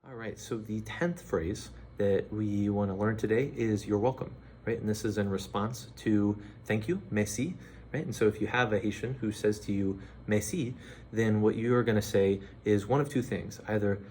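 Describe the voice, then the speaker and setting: Man, casual lesson, low-pitched, lots of ums, repeats words slowly. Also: a little hiss or hum. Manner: relaxed, repeats phrases slowly with fillers. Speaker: language teacher.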